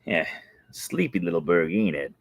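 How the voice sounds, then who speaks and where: A man's voice: sits low, very animated, moderate pace, vocal fry, a little hiss or hum, voice pushed down, exaggerated voice. A man voicing a tough-talking gangster robber in a theme-park ride, brash and wisecracking.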